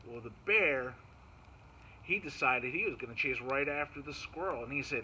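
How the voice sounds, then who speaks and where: A man telling a folk tale to children in an animated way, chanting little sound effects as he goes. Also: mid-range voice, normal speed, slight background noise, rough recording. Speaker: park storyteller. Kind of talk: storytelling for children.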